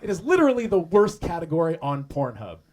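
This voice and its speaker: A man's voice: on the high side, very animated, fast talker. A man from Canada doing stand-up roast insults on a comedy club stage, with crude, mocking punchlines. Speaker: roast battle comic. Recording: noisy live club recording.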